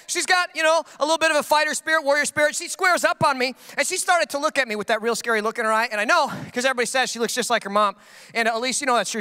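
A young adult man preaching a sermon as pastor, telling stories with comic, animated outbursts. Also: extremely high pitch. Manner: comedic storytelling with animated outbursts.

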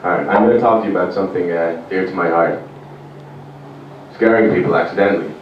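An Irish man doing stand-up comedy in a rambling, deadpan way, on a comedy club stage. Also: sits low, fast talker, muffled recording, slight background noise. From Ireland. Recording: echoey club room, mic far off.

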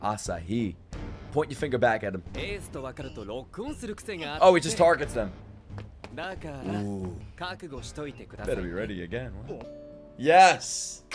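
A young man reacting to an anime as he watches it, excitable and yelling and swearing at the big moments. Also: lowish voice, measured pace, pauses often, faint music behind. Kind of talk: live reaction commentary. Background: faint anime soundtrack playing.

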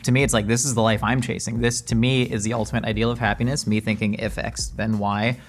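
A man hosting a casual interview, playful and jokey with quick bursts of excitement. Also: on the low side, a little hiss or hum. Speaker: host.

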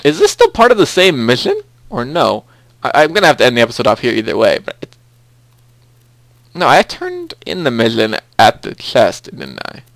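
A man's voice: mid-range voice, huge pitch swings, normal speed, gravelly, a bit bright, no room sound. A young man hosting a casual game commentary, chatty and rambling, often repeating himself. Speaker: let's play host.

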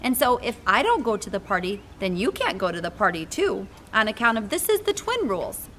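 A woman reading aloud and voicing a bossy, excitable little girl of about five, loud and emphatic. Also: mid-range voice, a little fast, slight background noise. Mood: huffy.

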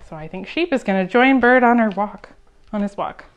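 A woman reading a picture book aloud at a preschool storytime, gently coaxing the children with questions. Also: mid-range voice, moderate pace, dull audio. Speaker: children's librarian.

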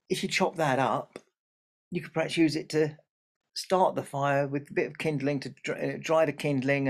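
A man voicing an excitable, good-natured little boy in a told family story, with a high, breathless, pleading manner. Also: close to an everyday voice.

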